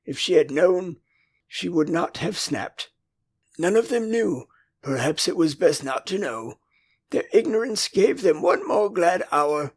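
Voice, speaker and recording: An older man with an English accent narrating a classic children's story as an audiobook, in an expressive storytelling manner. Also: high voice, unhurried, breathy edge. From England.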